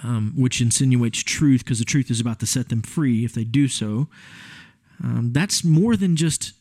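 A man's voice: mid-range voice, normal speed, a little mellow, dry recording. A man preaching a sermon in a conversational, emphatic way, with asides to his congregation. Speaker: pastor.

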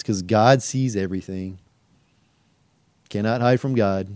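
A man's voice: on the low side, normal speed, dark tone, dry recording, clean studio sound. A middle-aged man preaching a verse-by-verse sermon, asking rhetorical questions and acting out quoted voices. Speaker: pastor and teacher.

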